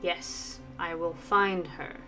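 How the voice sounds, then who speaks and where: A woman voicing a creepy, insolent masked man in a slow, mocking drawl while playing a story game. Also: fairly low pitch, steady tone, music in the background. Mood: submissive.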